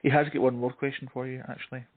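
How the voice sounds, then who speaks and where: A man's voice: medium pitch, little pitch movement, racing. A man hosting a casual chat show, passing on listener questions in a friendly way. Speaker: host. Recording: dry, tinny phone-like line.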